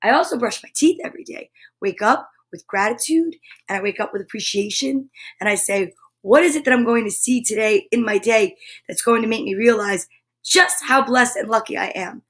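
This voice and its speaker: A woman's voice: on the high side, moderate pace, a bit bright, slightly rough. A woman hosting a casual live show, chatting playfully with viewers and reading a tongue-twisting sentence aloud. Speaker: show host. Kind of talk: upbeat live-stream chat.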